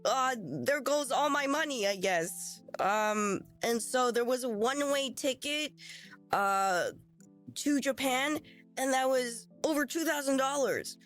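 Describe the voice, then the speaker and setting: Woman streamer, high voice, unhurried, dramatic rambling storyteller. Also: fairly bright tone. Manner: rambling, dramatic, laughs through it. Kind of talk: casual storytelling to chat. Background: faint music.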